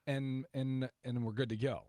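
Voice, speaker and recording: A man's voice: medium pitch, steady tone, moderate pace, mellow, no echo. Easygoing male sports radio host, dry sound. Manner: easygoing, agreeable, lots of fillers. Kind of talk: casual sports talk.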